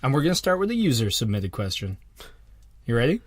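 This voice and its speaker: A man's voice: fast talker, breathy edge, dry recording. A man co-hosting a podcast in casual chat, swearing freely and getting exasperated. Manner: lively, swearing, rising pitch when exasperated. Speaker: podcast co-host.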